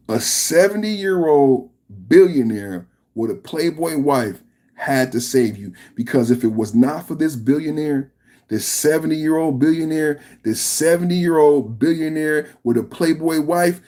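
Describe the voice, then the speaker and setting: A man hosting a podcast, delivering a political reaction rant in an emphatic, slangy, repetitive way with a husky voice. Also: a little high, warm tone. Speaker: podcast host.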